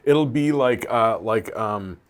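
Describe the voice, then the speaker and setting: A man co-hosting a podcast in casual chat, who rambles a bit and clears his throat often. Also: lowish voice, takes it slowly. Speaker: podcast co-host.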